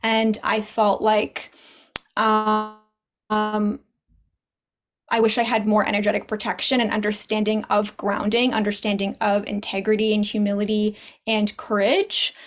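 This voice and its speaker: A woman guest on a podcast, a spiritual teacher talking earnestly in casual chat, in quick bursts. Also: medium pitch, monotone.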